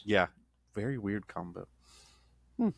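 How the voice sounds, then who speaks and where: A man's voice: fairly low pitch, very animated, a little slow, gravelly, breathy edge, dry recording. A man co-hosting a podcast, chatting casually about sports in a rambling, joking way with restarts. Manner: rambling, self-interrupting, joking. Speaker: podcast co-host.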